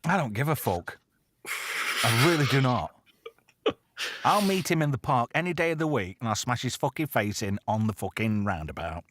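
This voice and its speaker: A man's voice: mid-range voice, sing-song, moderate pace, fairly bright tone, slight background noise. A man hosting a casual online chat show, brash, sweary and mocking in manner. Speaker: radio presenter and stream host.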